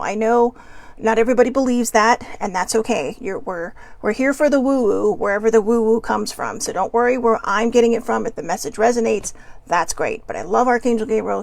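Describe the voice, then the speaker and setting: This woman's voice is a little high and creaky, with no echo. As host, she chats casually with viewers about spirituality while reading oracle cards, upbeat and rambling, dropping playful asides.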